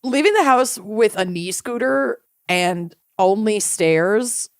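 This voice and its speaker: A woman's voice: medium pitch, lively intonation, slow, no room sound, studio quality. A woman co-hosting a podcast, chatting casually and enthusiastically with her friend. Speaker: podcast co-host. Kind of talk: casual chat.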